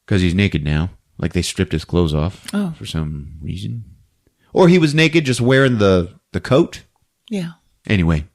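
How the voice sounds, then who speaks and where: Animated man retelling a movie. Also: on the low side. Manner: acts out characters in quick put-on voices, laughs often. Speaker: podcast host.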